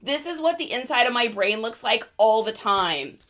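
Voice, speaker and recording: A young adult woman hosting a casual livestream, chatty and excitable, laughing often. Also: a little high, moderate pace. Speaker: reseller livestream host.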